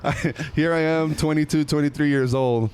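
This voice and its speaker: A comedian in his thirties telling stories in casual chat, animated and rambling, laughing at himself and swearing freely. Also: on the high side, moderate pace, a little hiss or hum. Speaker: comedian guest. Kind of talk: casual storytelling. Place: outdoors on a busy city boulevard.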